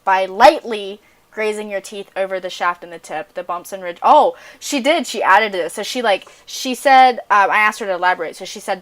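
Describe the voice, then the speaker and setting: A woman's voice: medium pitch, normal speed. A young American woman hosts a podcast in casual chat, her voice sitting in a middle register. She talks frankly and breaks into giggles easily, with a chatty, unguarded delivery. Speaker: podcast host.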